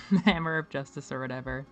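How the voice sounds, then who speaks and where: A woman's voice: rumbling low, fairly quick, music in the background. A woman hosting a casual game stream, chatting animatedly and laughing often. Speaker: streamer host. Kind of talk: casual let's-play chat.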